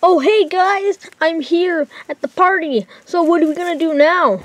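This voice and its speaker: A woman's voice: very high voice, moderate pace, no room sound, pitched above the performer's own voice. A woman voicing a nervous, stammering young male sidekick in a homemade toy skit. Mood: eager. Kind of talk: toy skit role-play.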